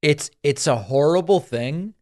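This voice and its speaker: A man's voice: fairly high pitch, lively intonation, unhurried, darkish tone. A man hosting a political commentary show, sarcastic and incredulous as he reacts to clips.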